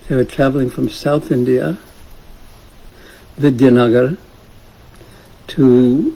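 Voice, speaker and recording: A man's voice: medium pitch, creaky, breathy edge, poor audio. A man teaching a scripture class, retelling a story in a casual way and asking the class questions. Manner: gentle, asks the class questions, chuckles.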